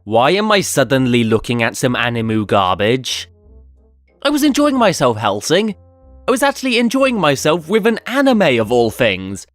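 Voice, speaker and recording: Sarcastic British man, lively swearing rant. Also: medium pitch, moderate pace, no room sound, faint music behind. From Britain. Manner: sarcastic, profane ranting. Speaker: comedic anime reviewer. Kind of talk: scripted comedic review.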